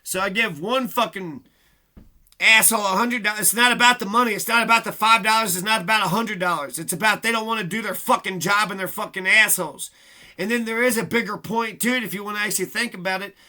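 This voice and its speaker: Man, high voice, piercing tone, casual profane rant, rambling. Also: fast talker, bright, forceful tone. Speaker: vlogger. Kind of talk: casual ranting monologue.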